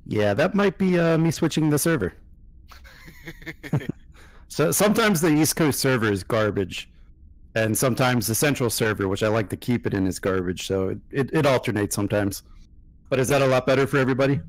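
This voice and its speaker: Relaxed man running a tabletop game. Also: mid-range voice, fairly quick, dry recording, low-quality recording. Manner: relaxed, chatty, with fillers. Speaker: game master. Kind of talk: running a tabletop role-playing game over voice chat.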